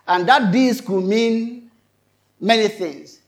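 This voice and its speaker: A man's voice: sits high, expressive, slow pace. A male pastor preaching a sermon, emphatic and repetitive, often turning to question his congregation.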